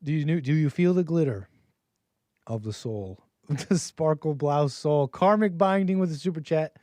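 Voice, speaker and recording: A man's voice: fairly high pitch, moderate pace, a little mellow, no echo. A man in his thirties hosting a call-in livestream, talking casually in a rambling way, chuckling often and reading viewer messages aloud. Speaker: host of a call-in stream.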